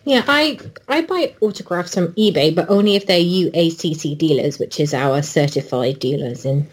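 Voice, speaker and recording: A woman's voice: low-pitched, moderate pace, slightly rough. A woman co-hosting a podcast in casual chat, teasing and playful. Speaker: podcast co-host.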